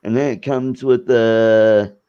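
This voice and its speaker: A man chats casually and haltingly, stumbling through his thoughts with plenty of fillers. He talks very slowly, and his audio is muffled and lo-fi. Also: medium pitch, steady tone, mellow, smooth. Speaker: guest drone pilot. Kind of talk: casual chat. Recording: dull lo-fi audio.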